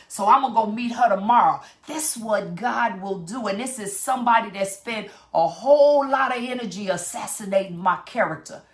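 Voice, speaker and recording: A woman's voice: medium pitch, normal speed, hardly any pauses. A middle-aged woman, giving an impassioned motivational talk straight to her viewers. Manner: fired-up preachy, talks straight to viewers. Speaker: vlogger.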